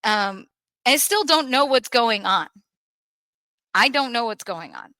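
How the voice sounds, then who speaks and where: A woman's voice: fairly high pitch, slow, no room sound. A woman in her thirties hosting a podcast, candidly retelling a personal story and acting out what people said. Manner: candid, animated retelling with acted quotes. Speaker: podcast host.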